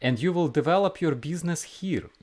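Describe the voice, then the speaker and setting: A man voicing earnest elderly Russian village grandmothers in a put-on Russian accent, raising his voice high into a pleading sales pitch. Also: expressive, fairly quick, darkish tone.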